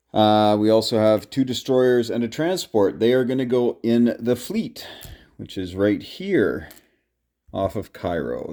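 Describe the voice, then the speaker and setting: A man's voice: on the low side, dark tone. A man casually narrating his turn in a board game, counting out his moves aloud as he plays.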